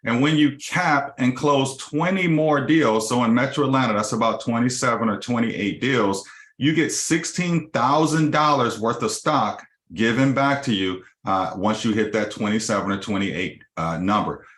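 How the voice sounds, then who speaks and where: A man's voice: mid-range voice, normal speed, a bit bright. A man giving a business presentation to real estate agents, explaining step by step with frequent fillers. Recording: roomy echo.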